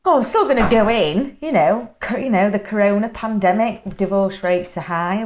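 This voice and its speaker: A woman's voice: mid-range voice, normal speed, few pauses, heavy background noise. A young woman with a Yorkshire accent, co-hosting a casual podcast and telling chatty, self-mocking stories. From England. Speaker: podcast co-host. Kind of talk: casual chat, storytelling.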